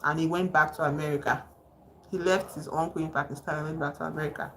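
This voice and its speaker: A woman hosting a casual livestream, excitedly retelling a novel's plot with emphatic outbursts. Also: low-pitched, fast talker, a little hiss or hum, low-quality recording. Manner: excited, emphatic storytelling with sudden exclamations. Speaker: livestream host. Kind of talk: casual livestream chat about a book. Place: home.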